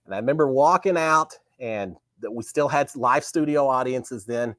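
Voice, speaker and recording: A man's voice: mid-range voice, normal speed, no echo. A man hosting a live talk show, telling a story casually and acting out remembered dialogue. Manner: animated, acts out remembered dialogue.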